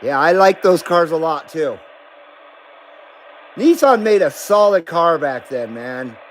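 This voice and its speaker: A man's voice: on the high side, sing-song, slow, a little hiss or hum, poor audio. A middle-aged man hosting a CB radio livestream, chatting casually and rambling with frequent swearing and laughter. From Nevada, US. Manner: laid-back, rambling, swears and laughs often. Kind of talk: casual live-stream chat.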